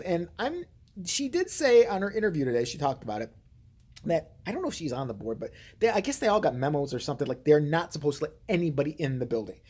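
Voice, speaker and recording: Husky-voiced woman on a profane rant. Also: fairly low pitch, sing-song, fast, a little mellow. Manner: blunt, heated, profane storytelling. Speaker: vlogger.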